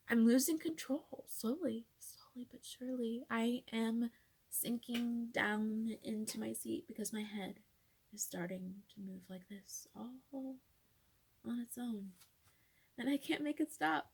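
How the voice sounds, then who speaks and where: A woman's voice: fairly high pitch, slow pace, creaky, darkish tone, husky. A young woman talking casually into her phone, telling a personal story with lots of "like" fillers and dropping to a whisper at tense moments. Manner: chatty, frequent "like" fillers, drops to whispers when reliving moments. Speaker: vlogger.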